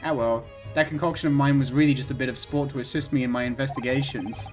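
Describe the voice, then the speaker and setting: A man reading aloud the lines of an eccentric, grandiose male gentleman detective from a game, in a formal, theatrical manner. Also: mid-range voice, steady tone, fast talker, faint music behind, natural voice. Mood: grave.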